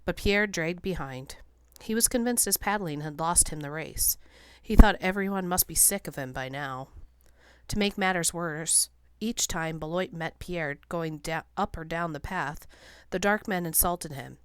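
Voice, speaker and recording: A woman reading a novel aloud as an audiobook narrator, in a steady, measured way. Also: fairly low pitch, smooth, dry recording. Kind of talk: scripted narration.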